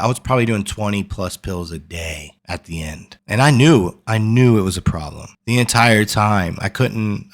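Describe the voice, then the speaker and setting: Low-voiced man telling a candid story. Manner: earnest, rambling, repeats phrases for emphasis. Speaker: coach. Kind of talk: candid personal story to camera.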